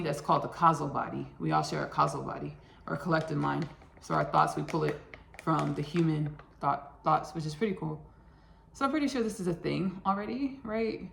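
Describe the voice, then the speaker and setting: Gravelly, chatty woman cooking. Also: low voice, roomy sound. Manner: chatty and rambling, addresses viewers as y'all. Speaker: home cook and channel host. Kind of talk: casual cooking vlog chat. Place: home kitchen.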